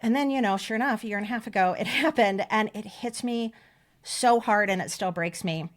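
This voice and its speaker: A woman with a medium-pitched voice speaks fairly quickly as a podcast co-host in a casual chat. She tells personal stories in a chatty, emotional manner.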